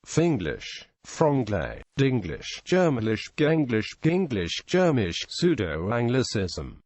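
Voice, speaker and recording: A man narrating an encyclopedia article aloud, reading through a long list at an even cadence. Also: mid-range voice, slow pace, no room sound.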